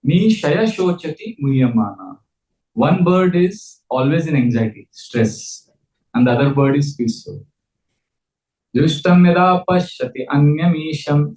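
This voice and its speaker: A man's voice: a little high, darkish tone, roomy sound, rough recording. A man giving an earnest scripture lecture and leading the audience in call-and-response chanting. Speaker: spiritual teacher.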